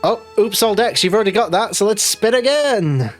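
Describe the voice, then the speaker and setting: A man's voice: sits high, animated, moderate pace, faint music behind. A man running a tabletop role-playing game as game master, chatty and laughing often.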